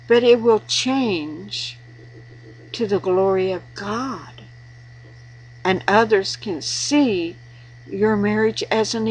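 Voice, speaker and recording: A Christian video blogger gives earnest, preachy marriage advice in an informal devotional talk, repeating words for emphasis. Her mid-range voice is husky, and the recording is low quality.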